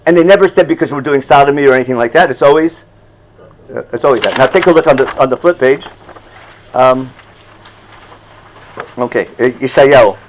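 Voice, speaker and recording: A man's voice: medium pitch, fairly quick, long pauses, slight background noise, rough recording. An older man teaching a Torah class in a loose, conversational way, often asking "you follow?" and chuckling at his own asides.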